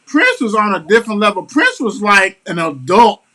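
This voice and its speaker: Male talk-show host, high bright voice, blunt and slangy, swears a lot. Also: huge pitch swings, moderate pace. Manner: blunt, slangy and emphatic, with frequent profanity. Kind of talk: casual sports-talk chat.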